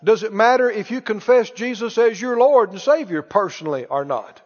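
High-voiced male preacher in echoey hall. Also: lively intonation, normal speed, muffled recording. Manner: exhorting, quizzes the congregation. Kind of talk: sermon.

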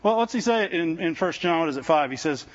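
A man preaches in a loose, conversational way, often stumbling and repeating words before going on. His voice sits high for a man, and he keeps turning to the congregation with "Amen?" The recording sounds muffled and lo-fi. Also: animated, quick pace. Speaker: visiting preacher. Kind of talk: sermon. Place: church service with congregation.

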